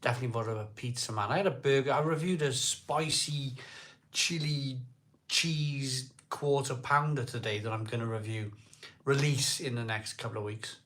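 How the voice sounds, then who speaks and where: A man's voice: mid-range voice, moderate pace, fairly bright tone, a little hiss or hum. Chatty Welsh man hosting a beer stream. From South Wales. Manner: chatty, jokey, reads out viewer names and comments. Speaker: host of a live beer-drinking stream. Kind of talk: casual live-stream chat reading viewer comments.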